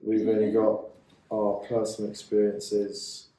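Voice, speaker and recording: A man's voice: fairly low pitch, completely flat delivery, measured pace, dark tone. A man, co-hosting a podcast in a chatty, teasing, rambling way. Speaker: podcast co-host. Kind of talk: casual chat. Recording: echoey room.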